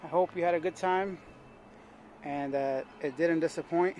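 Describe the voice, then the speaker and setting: A man's voice: a little high, moderate pace, darkish tone, low-quality recording. A man vlogging outdoors on rocky hills, talking to the camera in a chatty, self-mocking way. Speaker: travel vlogger. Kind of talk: casual vlog narration. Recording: outdoor mic with wind and street noise. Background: traffic, car horns and dogs outdoors.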